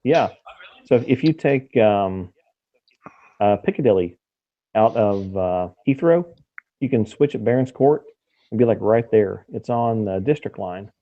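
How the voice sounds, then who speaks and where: A man chats and jokes casually as a podcast co-host. His mid-range voice swings widely in pitch. The recording sounds dull and lo-fi. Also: lively intonation, unhurried, long pauses. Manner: chatty, joking.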